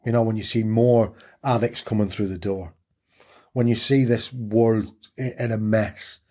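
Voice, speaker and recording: A man's voice: lowish voice, steady tone, a little slow, darkish tone. A middle-aged man, telling his story candidly and earnestly as an interview guest, repeating phrases for emphasis.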